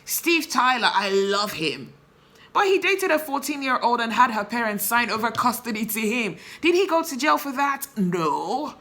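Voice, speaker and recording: Impassioned woman host, bright tone. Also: a little high, big pitch swings, normal speed. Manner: impassioned, rhetorical questions, emphatic. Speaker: show host. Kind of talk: opinion commentary to camera.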